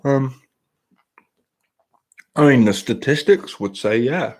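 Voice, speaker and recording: A young English man chats in a blunt, profane, rambling way. His voice sits at an ordinary pitch with a husky grain. He sounds like a podcast host thinking out loud. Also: expressive, takes it slowly. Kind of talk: casual chat.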